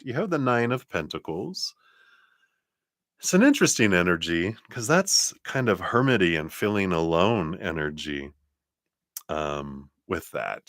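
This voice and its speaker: A low-voiced man from Colorado with a slight Southern drawl, reading tarot cards on a live stream. He talks in a chatty, rambling way, with soft laughs and muttered asides. The sound is dry, with no room echo. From Colorado, USA. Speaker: tarot reader.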